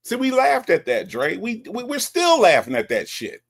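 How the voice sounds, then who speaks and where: A man's voice: sits high, normal speed, gravelly. A man hosting a show, teasing and ribbing a caller in casual commentary. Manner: teasing, repetitive, animated. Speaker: show host. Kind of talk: casual commentary on a call recording.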